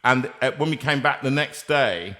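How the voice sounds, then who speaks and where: A man's voice: mid-range voice, normal speed, bright, forceful tone. A man hosting a live show, chatting casually and jokily with a guest, with frequent restarts. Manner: chatty, jokey, trailing restarts. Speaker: host. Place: studio room.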